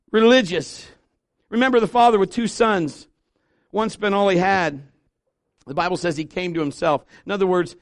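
A male pastor in his fifties preaching to his church, swinging from loud exhortation to quiet, intimate asides with humor. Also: high voice, no room sound, studio quality. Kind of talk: sermon. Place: church sanctuary.

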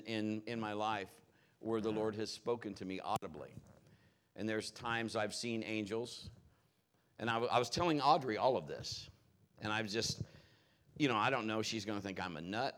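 A man's voice: on the low side, fairly bright tone. A male pastor preaching a conversational storytelling sermon in a folksy, personal way with rambling asides.

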